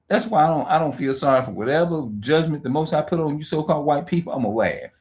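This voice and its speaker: A man talking off the cuff on a livestream, rambling and profane, repeating and restarting his words, and reading aloud slowly with stumbles. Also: on the high side, lively intonation, darkish tone. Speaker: livestream host. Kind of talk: unscripted livestream monologue.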